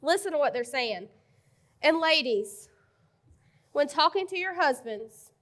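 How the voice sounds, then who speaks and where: A woman's voice: high-pitched, fairly bright tone. A woman in her thirties speaking frankly to a church audience about marriage, with direct advice and laughing asides. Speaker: co-presenter at a marriage conference. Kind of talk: conversational church talk.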